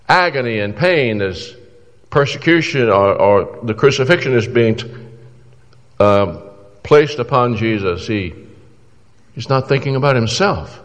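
A man's voice: medium pitch, in a large hall. A man preaching a sermon in an earnest, exhorting way, pleading with his listeners through questions.

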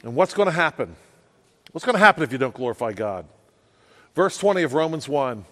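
A man preaching a sermon with passion, swinging from loud outbursts to hushed asides. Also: mid-range voice, sing-song, moderate pace. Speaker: pastor. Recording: long reverb of a church hall.

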